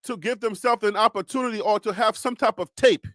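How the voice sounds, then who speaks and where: A man hosting a live sports talk show, speaking in a calm, reassuring, preacher-like cadence and often repeating and restarting phrases. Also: high-pitched, brisk, no echo, clean studio sound.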